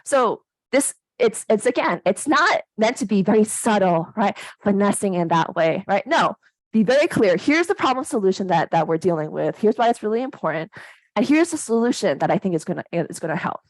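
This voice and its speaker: A woman in her thirties lectures in a conversational, energetic way, tagging her points with quick questions to the room. Her voice sits at a middle pitch and sounds dry and close. She swings up and down as she makes each point. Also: no room sound, low-quality recording. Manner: animated, conversational, keeps asking "right?". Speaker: academic workshop presenter. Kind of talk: casual lecture.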